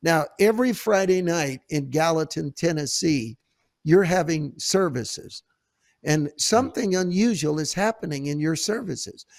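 A man hosting a Christian talk show, telling stories in a fervent, preacherly way with halting restarts, on a close mic. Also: fairly high pitch, lively intonation, creaky, no room sound. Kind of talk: preacherly storytelling and interview.

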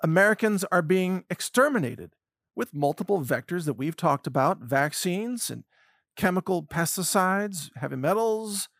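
A man's voice: sits high, animated, moderate pace, fairly bright tone, no echo, clean studio sound. A man hosting an indignant, sarcastic commentary monologue, firing off long lists. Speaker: commentary host.

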